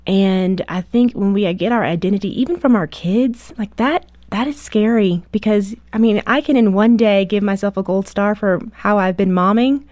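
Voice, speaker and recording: A woman in her thirties, a guest author on a radio interview, telling family stories with lively acted-out voices. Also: mid-range voice, moderate pace, hardly any pauses, no echo. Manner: animated storyteller, acts out voices.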